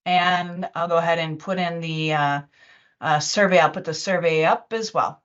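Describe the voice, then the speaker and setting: A woman presenting a live software demo in a casual, chatty way, with many fillers and restarts. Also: fairly low pitch, steady tone, moderate pace, clean tone. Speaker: webinar presenter and user group organizer. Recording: dull lo-fi online meeting audio.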